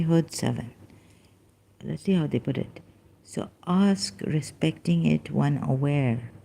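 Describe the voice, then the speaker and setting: A woman hosting her own channel, reading passages aloud in halting, self-correcting casual commentary. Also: low voice, creaky, dark tone. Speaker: solo channel host.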